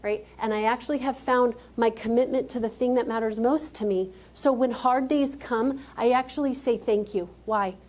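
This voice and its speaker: A woman's voice: fairly high pitch, fairly even intonation, moderate pace, hardly any pauses, darkish tone. A woman giving a motivational keynote speech on stage, talking emphatically and directly to a live audience. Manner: emphatic, direct, calls out to the crowd.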